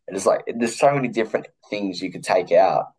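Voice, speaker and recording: A man's voice: lowish voice, a little fast, a little mellow, breathy edge, poor audio. A young Australian man hosting a podcast, chatting casually in a laid-back, slangy way with lots of "like". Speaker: podcast host. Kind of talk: casual chat.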